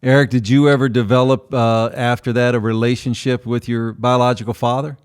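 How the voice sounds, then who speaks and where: A man's voice: medium pitch, level tone, a little fast, clean tone. A man hosting an interview, who mostly murmurs agreement and asks short follow-up questions. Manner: brief murmured acknowledgments. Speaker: interview host. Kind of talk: listening and asking questions.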